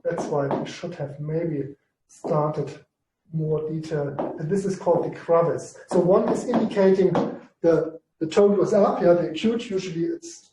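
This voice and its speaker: Hesitant teacher. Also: male voice, fairly high pitch, a little slow, distant mic, noisy background. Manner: hesitant, many fillers and restarts. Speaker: Greek language teacher. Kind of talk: informal online lesson. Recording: echoey room, off-mic.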